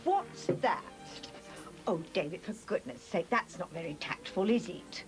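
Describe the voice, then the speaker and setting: A woman's voice: on the low side, expressive, unhurried. Prim chiding wife, music under her. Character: prim, tactful middle-class wife.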